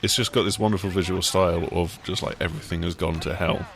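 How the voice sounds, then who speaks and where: Host britannico, voce bassa, chiacchiera entusiasta. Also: male voice, fairly even intonation, fast talker, creaky, a bit bright, soft background music. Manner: rambling, enthusiastic. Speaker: gaming site host. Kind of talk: casual gaming chat.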